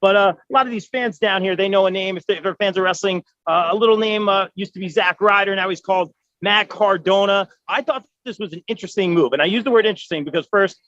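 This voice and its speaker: A man interviewing at an event outdoors, hyped and loud, as if talking over a crowd. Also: sits high, fast, dry recording, muffled recording. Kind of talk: casual interview.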